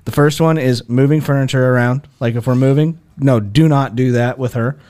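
A man's voice: medium pitch, moderate pace, dark tone, clear, resonant tone. Average-voiced guy, lots of uhs and restarts, just chatting. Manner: hesitant, many restarts and fillers. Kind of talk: casual chat.

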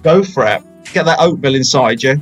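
A man's voice: mid-range voice, expressive, normal speed, music in the background, poor audio. A man in his forties hosting a podcast, chatting about films in a rambling, self-mocking way. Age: 40s. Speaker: podcast host. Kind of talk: casual film chat.

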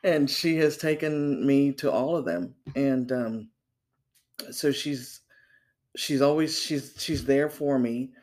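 An older woman guest speaking hesitantly, with many pauses and fillers. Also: very deep voice, a little mellow. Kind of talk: interview conversation.

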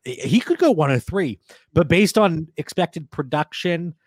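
A man's voice: a little high, expressive, measured pace, a little mellow, dry recording, clean studio sound. A man co-hosting a casual podcast discussion, steering the talk and passing questions to his co-hosts. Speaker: podcast co-host, fantasy football analyst.

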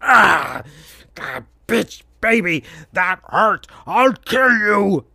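A man voicing a brutish, murderous crocodile man with a drawn-out snarling delivery in a comedic fan-fiction reading. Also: a little high, huge pitch swings, sharp tone, dry recording, studio quality, exaggerated voice. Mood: menacing.

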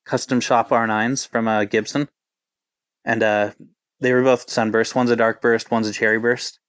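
40s guy in a band, chatty and rambling, smooth clear voice, dry room. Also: medium pitch, flat delivery, moderate pace, fairly bright tone, no echo. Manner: rambling, laid-back, full of filler words. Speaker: touring band guitarist. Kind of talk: casual interview storytelling.

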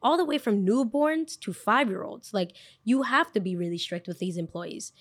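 A woman's voice: mid-range voice, animated, moderate pace, natural voice. A woman doing a firm, matter-of-fact daycare owner.

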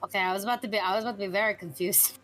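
A woman's voice: medium pitch, fairly even intonation, rapid-fire, fairly bright tone, soft background music. A woman playing in a tabletop game, chatting casually and playfully in character. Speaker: player.

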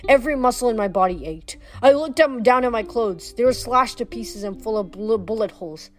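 A woman's voice: a little high, lively intonation, fairly quick. A woman reading a novel aloud chapter by chapter, often tripping over words and restarting them. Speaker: reader.

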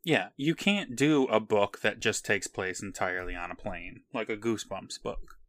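A man's voice: lowish voice, moderate pace, fairly bright tone, no echo. A man co-hosting a podcast in casual chat, with a dry, wry humor. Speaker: podcast co-host.

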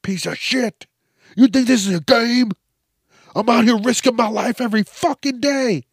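Angry male cop, put on by a man: yelling, profane, heightened pitch, dry close sound. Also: lively intonation, measured pace, breathy edge, no echo, heavily acted. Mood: enraged. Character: furious angry male police officer.

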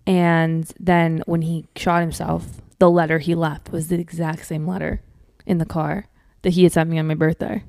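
A woman's voice: sits low, little pitch movement, moderate pace, gravelly, hardly any pauses, darkish tone. A young woman from Minnesota, a comedian guesting on a podcast, talking candidly and swearing freely. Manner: candid, swears freely, acts out quotes in a raised voice. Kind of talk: casual chat.

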